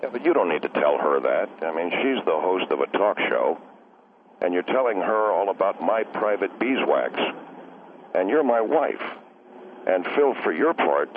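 A man calling in to a radio show, rambling and quick to take offense. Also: deep voice. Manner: rambling, touchy and defensive. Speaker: caller. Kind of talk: call-in radio chat. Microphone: telephone. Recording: tinny phone line, faint hiss.

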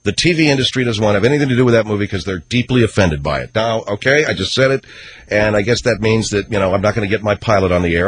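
Speaking at a quick pace, a male talk radio host rants sarcastically while giving his opinions. He veers between loud outbursts and low muttering.

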